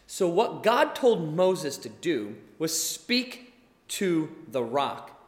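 Animated high-voiced male pastor preaching. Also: extremely slow. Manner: animated, acts out quoted voices. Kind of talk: sermon. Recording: echoey hall with long reverb.

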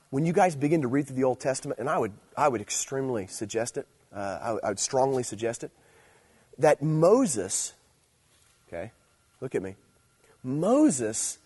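Husky young man preaching casually. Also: medium pitch. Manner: conversational storytelling, animated and playful when preaching. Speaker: youth pastor. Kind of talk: casual sermon.

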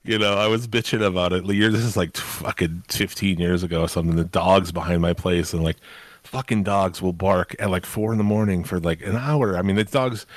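A man's voice: low voice, steady tone, brisk, no echo. A middle-aged man hosting a podcast, rambling and swearing a lot, laughing as he goes. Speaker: podcast host. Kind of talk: casual chat.

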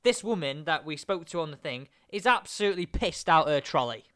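A young man telling a lively anecdote in casual chat, acting out the other people's lines. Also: on the high side, a little fast, clean tone. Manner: animated, acts out other voices.

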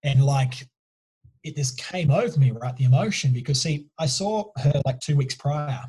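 A man's voice: mid-range voice, moderate pace, warm tone, breathy edge. A man, a mindset coach and guest, talking casually and emphatically, often checking in with "right?". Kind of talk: casual storytelling interview.

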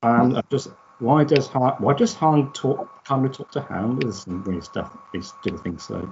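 A man talking on a podcast panel in a loose, rambling way. He often stops to correct himself and circles back. His voice sits at a middle pitch, and the audio is a little muffled. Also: normal speed, darkish tone, slight background noise. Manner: rambling, self-correcting storyteller. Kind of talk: casual chat.

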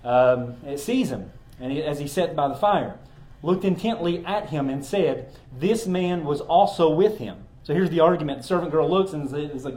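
A man's voice: a little high, normal speed, hardly any pauses, a little mellow, roomy sound. A man giving an earnest sermon, explaining a word closely with many ums and restarts. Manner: earnest, explanatory, with frequent ums and repeated words. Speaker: pastor.

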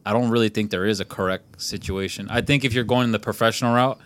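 A man's voice: lowish voice, fairly even intonation, fast, fairly bright tone. A casual, profane young man chatting. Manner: loose, profane, rambling with lots of "like". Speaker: podcast host. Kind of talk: casual podcast chat.

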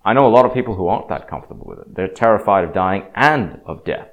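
A man's voice: low-pitched, expressive, quick pace, dull audio. A man talking casually and frankly about faith and death, rambling with frequent restarts. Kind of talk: casual religious reflection.

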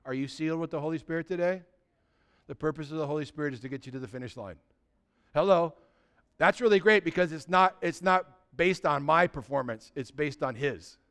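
A man preaching a sermon, reading scripture and telling casual stories, swinging between loud proclaiming and quiet confiding asides. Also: fairly high pitch, brisk, clean tone. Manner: casual storytelling with fillers.

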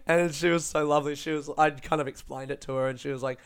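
A man hosting a podcast, telling stories in an animated, sweary way and laughing often. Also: on the high side, fairly quick, smooth. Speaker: podcast host and stand-up comedian. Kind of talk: casual podcast monologue.

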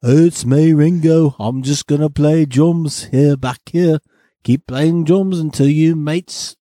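A man's voice: a little high, slow, mellow, no echo, studio quality. A man putting on a simple-minded drummer who only wants to keep playing. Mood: content. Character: an impression of a plodding band drummer.

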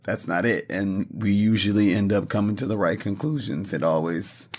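A man who manages a brand, chatting casually and telling stories with lively quoted voices. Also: lowish voice, normal speed. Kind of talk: casual chat.

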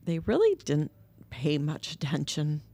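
In an interview, a woman who co-founded a nursery earnestly tells a story, animating the voices of the people she quotes. Her voice is deep and her pace measured, with no echo.

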